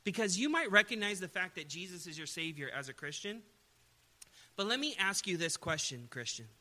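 A man's voice: high-pitched, big pitch swings, normal speed, bright, forceful tone. A man preaching a sermon in an emphatic way, often putting rhetorical questions to his listeners.

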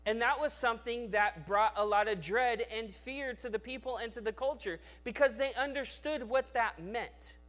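A male pastor preaches at a moderate pace with few pauses, alternating between loud, emphatic lines and quiet, low asides. He often restarts sentences and repeats words.

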